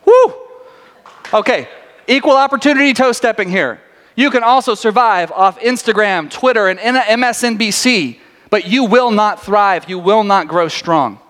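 A man preaching a sermon to a congregation in a church sanctuary, talking fast and chatty, cutting himself off and restarting. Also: sits high, fairly bright tone. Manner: fast, chatty and self-interrupting, often laughing. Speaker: pastor. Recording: long reverb of a large sanctuary.

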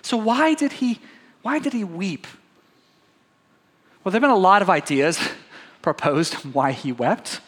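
A man's voice: high-pitched, animated, measured pace, pauses often, fairly bright tone, husky, long reverb tail. A man preaching a sermon, reading scripture aloud and talking it through conversationally with his congregation. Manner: conversational, addresses congregation as "guys". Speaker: pastor.

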